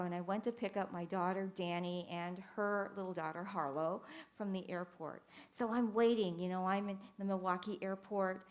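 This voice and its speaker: An older woman minister giving a sermon, telling stories with animated swings from hushed to loud. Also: medium pitch.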